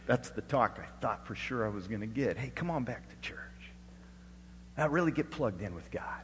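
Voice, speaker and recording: A middle-aged man from Alaska preaching a sermon and telling his own story. He moves between hushed storytelling and loud, rising preaching. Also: medium pitch, lively intonation, normal speed, in a large hall, slight background noise. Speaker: pastor. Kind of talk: sermon with personal testimony.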